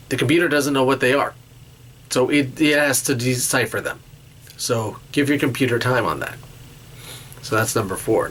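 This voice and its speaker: A man hosting a solo podcast, talking through tips in a halting way and often restarting his phrases. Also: mid-range voice, a bit bright. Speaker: podcast host. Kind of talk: casual solo talk with tips.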